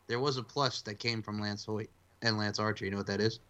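A man's voice: fairly low pitch, steady tone, fairly quick, fairly bright tone, lo-fi sound. A man from Long Island hosting a podcast, chatting casually and profanely, full of jokes and movie quotes. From Long Island, New York. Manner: profane, jokey, breaks into bits and movie quotes. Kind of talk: casual wrestling podcast banter.

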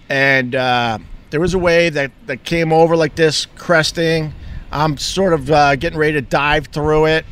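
Middle-aged man from Long Island, rambling candid monologue, slightly high bright voice, casual and unscripted. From Long Island, New York. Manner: rambling, candid, swears freely. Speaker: vlogger.

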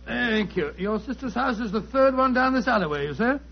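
A man's voice: very high voice, animated, a little fast, gravelly, exaggerated voice. A man playing Dr. Watson, a genial, bumbling doctor who talks hesitantly and heartily, in a 1940s radio drama. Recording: dull 1940s radio broadcast.

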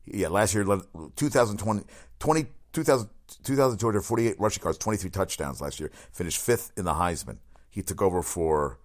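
Podcast host, male, lowish voice, rambling and excitable, swears freely, keeps correcting himself. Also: brisk. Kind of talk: solo sports podcast rant.

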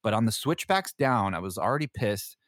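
A man's voice: on the low side, very animated, a little fast, fairly bright tone, no echo, clean studio sound. A man, a Navy veteran hosting a podcast, telling a story casually with lots of fillers, swearing and laughter. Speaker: podcast host.

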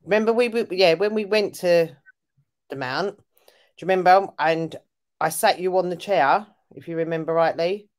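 A woman's voice: fairly low pitch, normal speed. A woman co-hosting a podcast, teasing her friend as she reminds her of things. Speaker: co-host. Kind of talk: casual chat.

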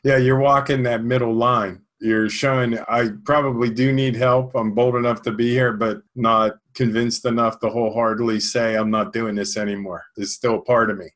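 A man's voice: medium pitch, flat delivery, moderate pace, few pauses, a bit bright. Encouraging male podcast host. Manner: encouraging, sums up guest's points. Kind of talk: interview conversation.

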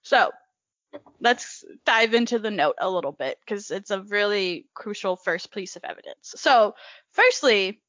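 A woman's voice: medium pitch, lively intonation, unhurried, fairly bright tone, no room sound. Chatty young woman, dry lo-fi sound. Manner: chatty, frequent agreeing "yep". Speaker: podcast co-host. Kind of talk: casual chat.

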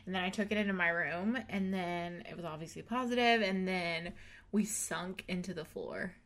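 A woman's voice: lowish voice, normal speed, fairly bright tone. A woman in her twenties, a podcast host, telling a story in casual chat, laughing often and acting out quotes. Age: 20s.

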